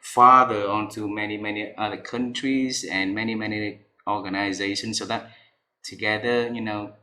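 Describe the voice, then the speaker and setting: Low-voiced guy hosting an interview, gushing praise, roomy sound. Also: fairly even intonation, normal speed, bright, forceful tone. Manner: effusive, repeats and restarts, non-native grammar. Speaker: interview host.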